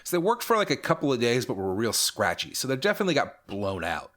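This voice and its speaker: A man of ordinary pitch, neither high nor low, chatting casually as a podcast host. He rambles along in an easygoing way and pokes fun at himself. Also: huge pitch swings, fast, fairly bright tone. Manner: rambling, easygoing, self-mocking. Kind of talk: casual chat.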